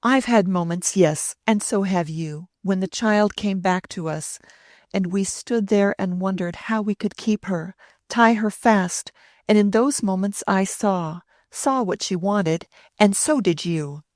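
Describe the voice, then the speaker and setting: A woman's voice: medium pitch, unhurried, darkish tone, no echo, clean studio sound, voice pushed up, natural voice. Haughty older society woman, pointed and cool; woman narrator puts her on.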